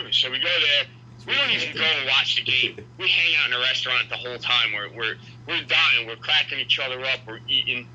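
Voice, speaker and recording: A man telling a story in casual podcast chat, animated and profane. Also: medium pitch, fairly quick, dull audio. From New York.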